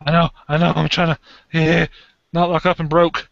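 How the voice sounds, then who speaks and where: A man's voice: on the high side, flat delivery, normal speed, vocal fry, a bit bright, no echo. A man co-hosting a fan podcast, joking and poking fun at himself. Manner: joking, self-deprecating. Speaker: podcast co-host. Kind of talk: casual chat during live reading. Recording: dull dry podcast audio.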